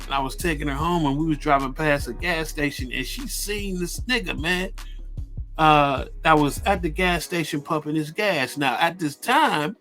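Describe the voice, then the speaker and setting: A radio host from Ohio spins a profane street story, laid-back and boastful, stumbling over restarts as he goes. His voice sits a little high for a man, with faint music behind him. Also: normal speed, bright, forceful tone.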